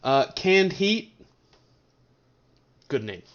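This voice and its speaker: Young colorado guy teasing his buddies on a recap, bit high pitched, muffled cheap mic. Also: sing-song, very slow. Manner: rambling, joking, teasing banter. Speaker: host of a fantasy league recap. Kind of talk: casual recap to camera. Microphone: webcam setup at a desk.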